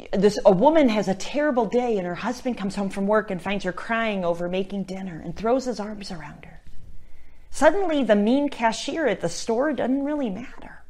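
A woman with a mid-range voice talks earnestly about faith as a Catholic missionary. She keeps checking in with her listeners and shifts between emphatic passages and soft, near-whispered ones. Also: mid-range voice. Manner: earnest, tags points with "right?". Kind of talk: spoken reflection on faith.

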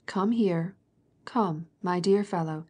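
A woman's voice: on the low side, takes it slowly, slightly rough. Woman reading as a blunt, scolding old lady. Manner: scolding, outspoken, mock-gentle teasing. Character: stern, blunt fifty-year-old woman, loud and harsh. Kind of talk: audiobook character reading.

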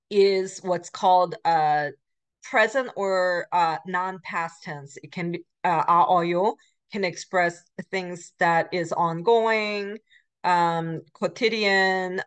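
Woman teaching a lecture, lower voice. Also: clean tone. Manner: explanatory, many fillers and restarts. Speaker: language teacher. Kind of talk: recorded lecture.

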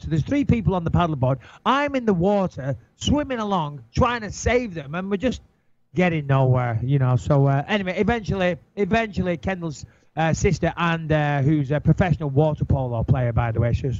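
Animated man telling a wild story. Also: fairly high pitch, normal speed, no room sound. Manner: animated, swears a lot, acts out his own panicked thoughts. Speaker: interview guest. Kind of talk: casual storytelling. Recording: dull, dry recording.

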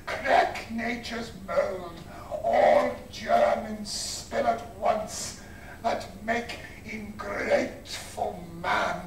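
A man playing a raging old king defying a storm, in old-fashioned declamatory stage style with old-fashioned received pronunciation, slow and held with sudden shouts. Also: high-pitched, sing-song, creaky, noisy background, exaggerated voice. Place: university lecture hall. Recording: roomy hall heard from far off.

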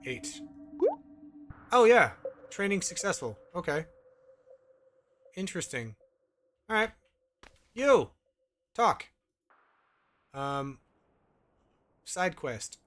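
A man's voice: a little high, big pitch swings, takes it slowly, pauses often, fairly bright tone. A man playing a video game, giving a casual muttered play-by-play with the odd swear word into a desk microphone. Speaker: gaming channel host. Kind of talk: let's play commentary.

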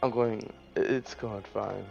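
A man's voice: lowish voice, fairly even intonation, extremely slow, gravelly, darkish tone, muffled recording, faint music behind. A man joining a livestream call, playful and self-mocking. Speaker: guest on call. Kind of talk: casual livestream chat.

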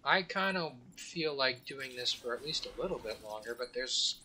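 A man hosting a let's play tells a long joke and chats casually, rambling with fillers and restarts as he comments on the game. His medium-pitched voice is expressive and sharp in tone, at a moderate pace, with a little hiss or hum.

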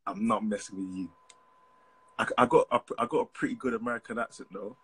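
British man, caller on a live stream, bright forceful voice, very husky. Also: mid-range voice, lively intonation, a little fast. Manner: friendly, laughs easily. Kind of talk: casual live video chat.

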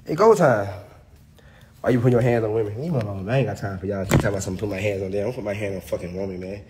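A man's voice: fairly low pitch, racing, noisy background. A man ranting on a casual livestream, profane and emphatic, tacking "bro" onto nearly every sentence.

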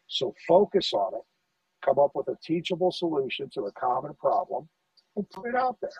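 A middle-aged man, a fire lieutenant in a casual podcast conversation, telling animated stories and acting out the dialogue. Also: on the high side, normal speed, no echo, far from the mic. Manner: animated storyteller, acts out quoted dialogue, repeats words. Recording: dull dry audio, off-mic.

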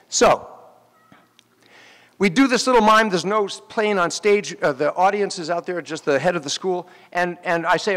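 A man, an actor, giving a graduation speech and telling animated stories straight to the graduates at the ceremony. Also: high voice, a little slow. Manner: animated storytelling, addressing graduates directly. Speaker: commencement speaker. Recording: long hall reverb.

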